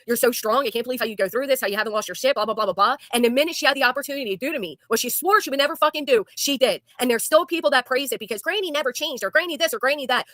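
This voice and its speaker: Woman, fast-talking, angry profane rant, sarcastic host, dry close sound. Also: high voice, pushed and bright, no room sound. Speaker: YouTube commentary host. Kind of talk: heated casual talk with a guest.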